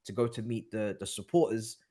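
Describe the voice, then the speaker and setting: A man telling a story as a guest in a casual chat, slangy and animated. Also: a little fast. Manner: animated, slangy storyteller with lively pitch swings. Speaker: podcast guest.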